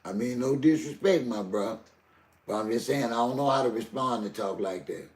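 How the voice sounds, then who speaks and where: An older man hosting a live stream. His voice is gravelly and grainy, and it bounces around an echoey room. He talks to his chat in a heated, preachy way. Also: medium pitch, normal speed, a little mellow. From Southern US. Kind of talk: emotional live stream talk.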